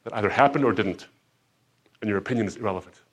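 A man preaching a sermon, moving from quiet reflection to loud, emphatic outbursts and acting out quoted voices. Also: lowish voice, quick pace, husky. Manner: dramatic, swings between soft reflection and loud emphatic outbursts.

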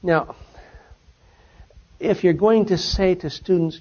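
This lecturer has a high, darkish, slightly rough voice and talks slowly while taking questions from the audience. Key points get a rise in pitch, while sentence endings sink. The audio is dull and lo-fi.

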